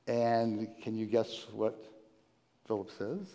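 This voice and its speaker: A man preaching a conversational sermon as pastor, retelling a story in a halting way, repeating and restarting words and inviting listeners to join in. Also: medium pitch, expressive, warm tone. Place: church sanctuary. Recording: long hall reverb.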